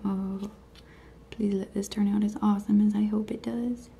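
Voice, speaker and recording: A woman hosting a nail art video, chatting casually and half-whispering to herself as she works, easily excited. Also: medium pitch, moderate pace, vocal fry, slight background noise. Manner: mutters and half-whispers to herself while working; excitable, eager. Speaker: nail art channel host. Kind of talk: casual tutorial commentary.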